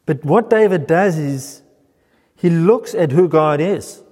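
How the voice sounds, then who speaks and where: A man's voice: fairly high pitch, expressive, measured pace, darkish tone, breathy edge. A middle-aged man preaching a sermon as pastor, earnestly explaining and quoting scripture. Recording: reverberant church hall.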